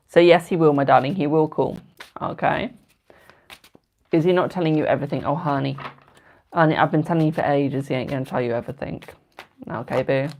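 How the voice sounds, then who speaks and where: A man's voice: fairly high pitch, gravelly, darkish tone, a little hiss or hum. A twenty-year-old man giving tarot readings on a live stream, chatting casually and affectionately calling viewers darling and boo. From United Kingdom. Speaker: tarot reader.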